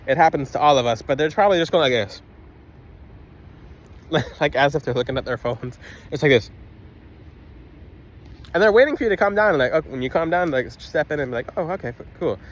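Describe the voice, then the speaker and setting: A man's voice: on the high side, expressive, fairly quick, long pauses. A man casually talking to a phone camera outdoors, emphatic and rambling, with frequent restarts. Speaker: spiritual video host.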